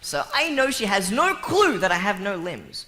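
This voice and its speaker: A man joking and telling stories to a live audience in a playful, animated way. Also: high voice, normal speed. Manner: playful, jokey, animated storytelling. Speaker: motivational speaker. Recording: long hall reverb with faint noise.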